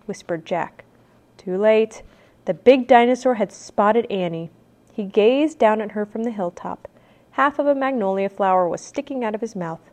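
A woman reads a children's adventure book aloud at home. Her pitch sits in the middle range. She gets animated, jumping higher and louder whenever the young characters speak. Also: moderate pace. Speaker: parent reading aloud.

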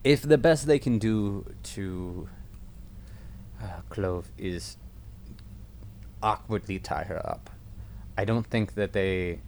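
A man voicing a calm, low-voiced pirate captain. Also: takes it slowly, pauses often, slight background noise. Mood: reassuring. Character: refined male pirate captain, calm and tasteful. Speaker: ship's captain.

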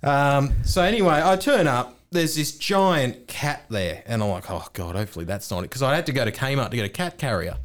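A man's voice: medium pitch, animated, moderate pace, few pauses. A man, co-hosting a podcast and telling a rambling, laughing, sweary anecdote. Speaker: podcast co-host. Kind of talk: casual chat.

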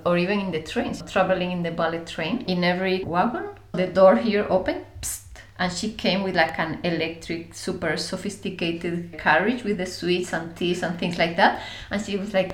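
Woman from Spain, lively storyteller. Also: on the low side, moderate pace, roomy sound. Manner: animated, laughing, acts out scenes. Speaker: interview guest. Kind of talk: reflective storytelling.

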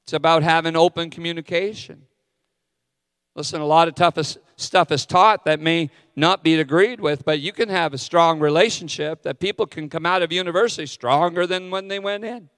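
A middle-aged male pastor delivers a sermon, breaking off into candid, self-mocking asides. His voice sits a little high and comes through smooth. Long reverb trails after each phrase, as in a hall. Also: a bit bright, studio quality.

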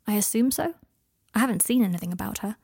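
Brief: woman reader as an earnest young wizard man, husky, dry close sound. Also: mid-range voice, quick pace, darkish tone, no room sound.

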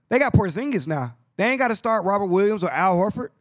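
Casual podcast host, male, a little higher-pitched, excitable, slangy and repetitive. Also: fast. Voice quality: excitable, slangy, repeats himself. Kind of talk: casual basketball chat.

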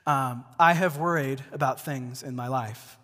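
A man's voice: medium pitch, measured pace. A male pastor giving a conversational sermon to a congregation, talking casually and often restarting his words. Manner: relaxed, repeats words as he restarts, addresses the congregation directly. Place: church before a live congregation. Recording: long hall reverb.

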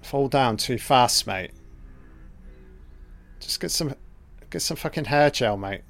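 A man giving a casual, profane watch-along commentary on a film, reacting out loud to what is on screen. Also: medium pitch, lively intonation, takes it slowly, creaky, soft background music.

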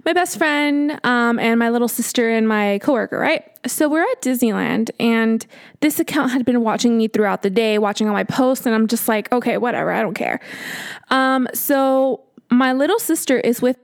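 A woman in her late twenties tells a story on her podcast in loose, casual chat. Her voice sits a little higher than most. She swears freely and acts out her own exasperated replies. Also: moderate pace, clean tone. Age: 20s. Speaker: podcast host.

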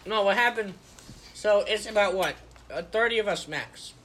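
A young man co-hosting a casual podcast from a cabin in the woods, with a deadpan, self-mocking humor. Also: high voice, moderate pace, background noise. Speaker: camp athletics director, co-host.

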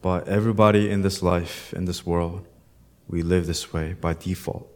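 A very low-pitched man preaching a sermon as a pastor. He talks plainly and conversationally, slipping into casual storytelling asides between points of scripture. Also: fairly even intonation, normal speed.

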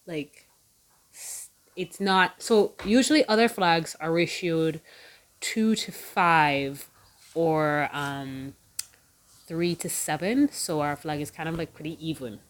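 A woman's voice: sits low, slow pace. A young woman co-hosting a podcast, upbeat, presenting fun facts with hesitant fillers. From Jamaica. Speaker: podcast co-host. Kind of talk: casual chat.

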